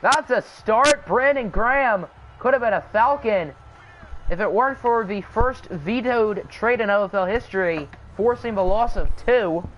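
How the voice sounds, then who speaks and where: A man's voice: high-pitched, measured pace, muffled recording, slight background noise. A young man hosting a live stream, calling a simulated football game and chatting with viewers in a joking, casual way. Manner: chatty, answers live chat, jokes. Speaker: channel host. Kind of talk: live sim-game commentary.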